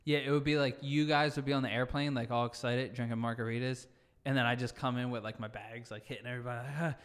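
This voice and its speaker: A man with a mid-range voice co-hosts a casual podcast. He answers with dry, deadpan comebacks, and a long reverb lingers after his words. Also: mid-range voice, fast, clear, resonant tone. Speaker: podcast co-host. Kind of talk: casual chat.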